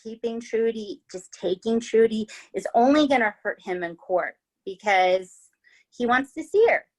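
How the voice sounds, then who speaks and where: A woman's voice: on the high side, lively intonation, unhurried. A woman hosting a podcast, telling a true-crime story in a casual, chatty way, swearing freely and checking in with "right?" and "okay?". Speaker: podcast host.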